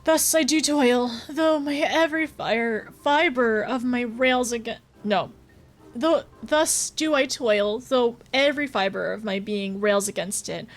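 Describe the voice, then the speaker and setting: A pompous young nobleman from a game grumbles with theatrical haughtiness, as a woman reads his lines aloud. He sulks about his lot in a hushed, lowered voice. Faint music plays underneath. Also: unhurried. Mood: haughty sulking. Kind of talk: reading game dialogue aloud.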